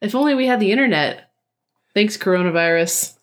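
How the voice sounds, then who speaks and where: A woman co-hosting a casual podcast, chatty and animated as she tells stories. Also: medium pitch, fairly quick. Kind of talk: casual chat.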